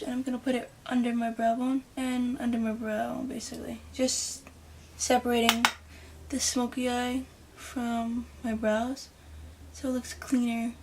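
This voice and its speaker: A woman giving a casual makeup tutorial in a chatty, rambling way, with soft muttered asides. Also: on the high side, noisy background. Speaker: beauty vlogger.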